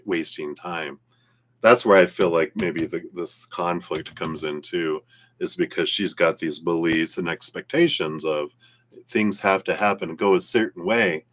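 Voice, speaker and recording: A man's voice: sits low, a bit bright. A man giving a casual live-stream tarot reading, rambling and laughing easily. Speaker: tarot reader.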